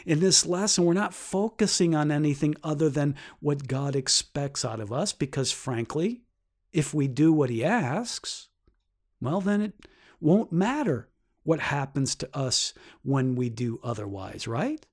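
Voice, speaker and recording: A man's voice: lively intonation, measured pace. A man teaching a Bible lesson, explaining earnestly and asking rhetorical questions, his voice climbing sharply when he stresses a point. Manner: rises sharply in pitch for emphasis.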